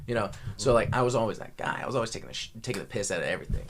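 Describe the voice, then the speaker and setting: A man's voice: lowish voice, animated, racing, slight background noise. A young man and army veteran on a podcast, telling war stories in casual, profane chat and laughing a lot.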